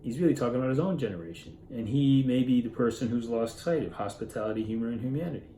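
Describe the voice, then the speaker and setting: Speaking fast with lively intonation, a mellow mid-range male voice walks through a classic tale and comments on it casually, musing and fixing his own words as he goes. It's a rough recording in an echoey room with slight hiss or hum.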